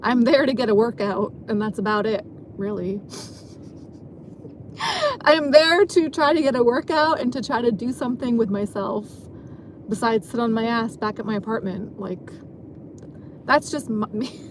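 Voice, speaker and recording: Woman vlogger, slightly high pitch, rambling, self-deprecating, laughs a lot; recorded in a car. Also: moderate pace, long pauses, slight background noise. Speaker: vlogger and dancer. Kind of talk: rambling casual monologue. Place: parked car.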